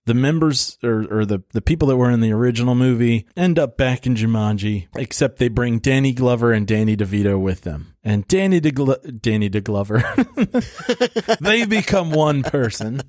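A man with a mid-range voice, relaxed and joking as he rambles through a summary on a podcast. The sound is close and dry. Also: mid-range voice, moderate pace, no room sound. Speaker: podcast co-host reviewing movies. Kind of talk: casual chat.

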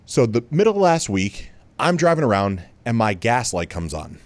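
A man hosting a podcast, telling a personal story in a relaxed, conversational way with many asides and restarts. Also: medium pitch, moderate pace, no echo. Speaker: podcast host. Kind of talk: storytelling monologue.

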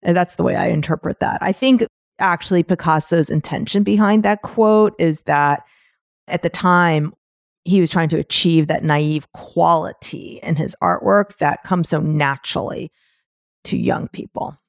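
A woman's voice: fairly low pitch, a little slow, creaky, dry recording, studio quality. A middle-aged woman hosting a podcast, talking conversationally, laughing often and drifting into digressions. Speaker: podcast host. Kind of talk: podcast monologue.

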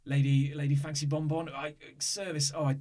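A man voicing a smooth, officious male concierge who speaks with condescending politeness. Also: fairly high pitch, level tone, moderate pace, dark tone, pitched above the performer's own voice, natural voice. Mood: smarmy.

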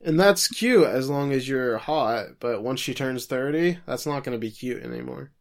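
A man's voice: mid-range voice, animated, moderate pace, vocal fry. A man co-hosting a podcast, recapping episode plots in a casual, sardonic way with jokey asides. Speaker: podcast co-host recapping an anime. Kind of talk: casual chat.

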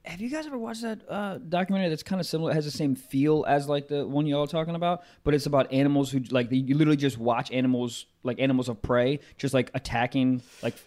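A man's voice: fairly high pitch, fast, hardly any pauses, darkish tone. A young adult man, a stand-up comedian, rambling and swearing through casual chat with mock self-pity. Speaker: comedian co-host.

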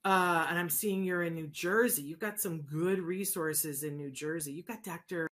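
Lively, chatty woman with a lowish voice. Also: normal speed. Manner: animated, conversational, says "right?" often. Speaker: host answering viewer questions. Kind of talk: casual live advice chat.

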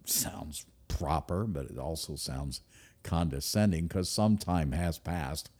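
A man giving a speech to an audience, emphatic, with sudden loud stresses and drops to a near-whisper. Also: a bass voice, takes it slowly, husky. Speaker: speaker.

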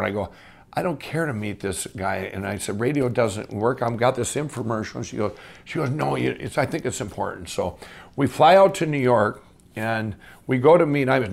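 A man with a gravelly, rough-edged voice tells his own story in loose, eager, rambling fashion. He jumps into the quoted dialogue as he goes, and his pitch sits in the ordinary middle range for a man. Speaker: inventor and company founder telling his life story. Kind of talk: casual first-person storytelling.

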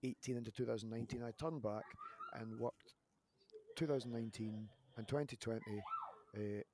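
A man in his thirties with a gravelly edge, talking at a middling pitch. He rambles through casual podcast stories, restarting sentences as he goes and getting worked up over old grievances. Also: moderate pace, background noise. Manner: animated, rambling storytelling with restarts. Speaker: podcast host, wrestler.

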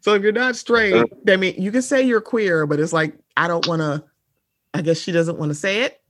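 A mid-range, slightly bright voice at normal speed comes through clean studio audio without echo. It belongs to a podcast co-host who's blunt, sarcastic and full of swearing in casual pop-culture talk, often turning to tell "y'all" listeners something.

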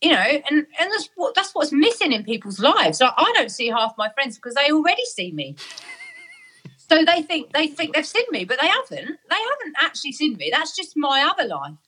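A woman's voice: high voice, very animated, a little fast, pushed and bright. A middle-aged woman in a casual chat, telling a story with lots of laughter and acted-out voices. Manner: chatty storyteller, laughing often, acts out voices.

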